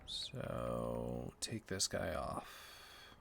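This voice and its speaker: A man's voice: fairly low pitch, slow, creaky, fairly bright tone, slight background noise. A man streaming a game for the first time, thinking aloud in a casual, unsure way as he works through menus. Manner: thinking aloud, unsure, mumbling menu names. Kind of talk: casual gameplay chat.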